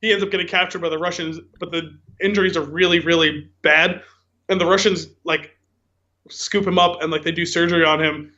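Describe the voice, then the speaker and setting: A man's voice: a little high, steady tone, brisk, pushed and bright, muffled recording. A man co-hosting a casual podcast, telling stories in a rambling way full of "like" and "um". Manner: rambling, filler-heavy storytelling with frequent "like" and "um". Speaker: podcast co-host.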